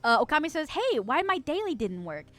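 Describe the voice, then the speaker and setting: Young woman streamer; upbeat, giggly chat host with a fairly high, playful voice. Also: very animated, brisk, a bit bright, soft background music. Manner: bubbly, giggly, playful squeals. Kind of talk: casual livestream chat.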